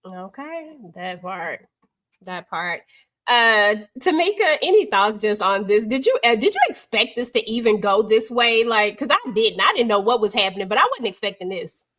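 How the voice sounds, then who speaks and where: A woman's voice: medium pitch, moderate pace. A woman hosting a live panel over a video call, chatting casually and expressively about a TV episode in slangy speech. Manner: slangy, expressive, keeps it real. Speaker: panel host.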